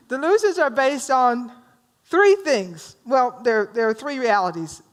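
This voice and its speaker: A woman's voice: sits high, animated, a little slow. A woman minister from rural North Carolina with a Southern drawl, teaching a workshop in a conversational way and teasing her audience with questions.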